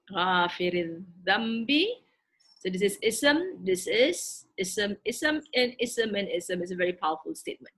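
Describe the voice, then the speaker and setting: A woman teaching a recorded grammar lesson, explaining terms word by word in a halting way with frequent fillers. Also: medium pitch, vocal fry, a bit bright, husky, poor audio. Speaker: Quranic Arabic teacher.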